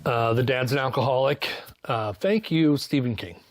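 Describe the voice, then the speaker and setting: A man's voice: medium pitch, moderate pace, no echo. A man giving a casual, sarcastic book review, swearing freely and tossing in mock-voiced asides. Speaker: book reviewer, channel host.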